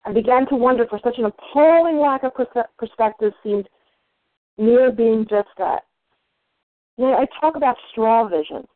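A woman's voice: fairly high pitch, normal speed, dry recording. A woman sharing her own story at a recovery meeting, candid and confessional. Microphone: phone call. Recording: phone-line audio.

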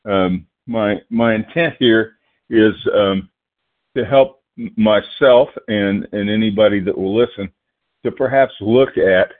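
A man from Oklahoma, a guest speaker at a phone-line recovery meeting, nervous and halting, with many fillers, restarts and throat-clearing. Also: fairly low pitch.

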